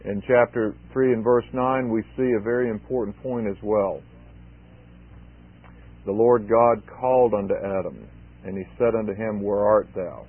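Male preacher, emphatic, repetitive, husky lower voice, tinny phone-band recording. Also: normal speed, dry recording. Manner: emphatic, repeats key phrases. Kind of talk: expository sermon.

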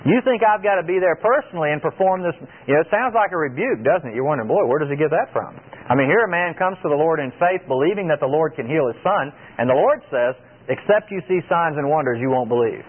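A man's voice: on the high side, expressive, fast, breathy edge. A man preaching a radio sermon, reading scripture aloud and asking the listeners earnest rhetorical questions. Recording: tinny phone-like radio broadcast.

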